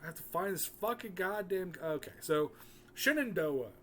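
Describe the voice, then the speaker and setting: A man's voice: high-pitched, animated, moderate pace, a bit bright, a little hiss or hum. A man giving an angry, profane rant in a video commentary, swearing constantly.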